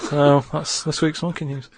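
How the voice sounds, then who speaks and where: Guy rambling through a story, lots of "right?", slightly high voice. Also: very noisy. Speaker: podcast regular telling a news story. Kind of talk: casual storytelling chat.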